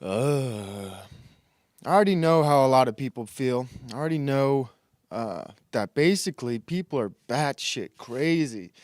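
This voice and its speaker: A man's voice: mid-range voice, lively intonation, unhurried, no room sound, studio quality. A man hosting a comedy commentary show, ranting in a crude, sarcastic and rambling way, laughing and putting on mock voices. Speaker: host.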